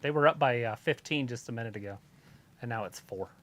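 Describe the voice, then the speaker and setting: A man's voice: mid-range voice, a little fast, a bit bright. A man co-hosting a casual watch-along stream, tossing in dry offhand asides about a basketball game. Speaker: livestream co-host.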